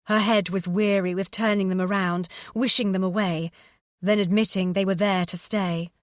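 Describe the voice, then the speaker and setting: A woman narrating an audiobook with steady, expressive storytelling on a close microphone. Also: medium pitch, normal speed, no echo. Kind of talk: scripted narration.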